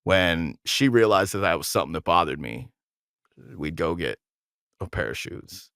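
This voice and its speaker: A man's voice: low-pitched, normal speed, creaky, smooth, no room sound, studio quality. A male podcast guest and musician telling long casual stories, acting out what others said, with lots of restarts. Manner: rambling, animated storyteller acting out quotes, frequent restarts. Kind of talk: casual storytelling interview.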